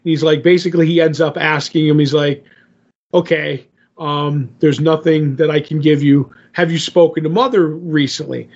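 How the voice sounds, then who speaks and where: A man's voice: fairly high pitch, steady tone, normal speed, a little mellow. A man casually recapping a comic book story on a podcast, rambling and loosely paraphrasing the characters' lines. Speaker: podcast co-host. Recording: muffled lo-fi podcast audio.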